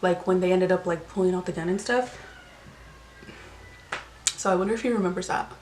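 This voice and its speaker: A woman's voice: lowish voice, brisk, a little mellow. Brief: young woman vlogger, casual storytime, rambling filler-heavy chat, faint room hum. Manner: chatty, lots of "like" fillers and swearing. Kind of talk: casual storytime while eating.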